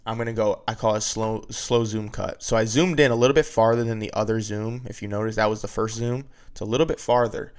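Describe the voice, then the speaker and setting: A man's voice: lowish voice, steady tone, brisk, few pauses, clear, resonant tone. A man teaching video editing in a casual, step-by-step way, often checking in with "right?". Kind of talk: screen-recorded editing tutorial.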